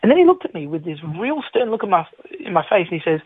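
A man's voice: high voice, fast, husky, dry recording. A middle-aged man, telling his personal testimony as a guest, acting out the lines he quotes. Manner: animated storyteller, acts out quoted lines. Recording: tinny phone-line sound.

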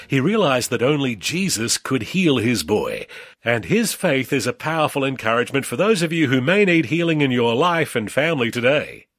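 A man introducing a radio program, speaking directly and warmly to listeners. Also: mid-range voice, breathy edge, no room sound. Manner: friendly direct address to listeners.

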